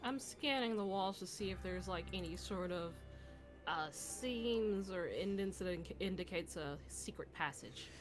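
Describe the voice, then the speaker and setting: A woman's voice: fairly low pitch, lively intonation, unhurried, faint music behind. A woman playing in a tabletop game, curious and playful in casual chat. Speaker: player.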